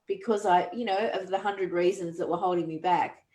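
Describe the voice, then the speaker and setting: A woman's voice: on the low side, fairly even intonation, brisk, dark tone. A woman, a podcast host and coach, talking earnestly and reflectively with frequent restarts. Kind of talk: conversational coaching talk. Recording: roomy echo.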